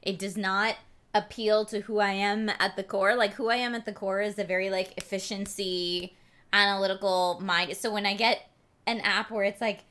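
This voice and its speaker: Woman co-host, casual and self-deprecating, bright, tense tone. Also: medium pitch, fairly even intonation, moderate pace. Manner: chatty, frank, self-deprecating. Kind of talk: casual chat.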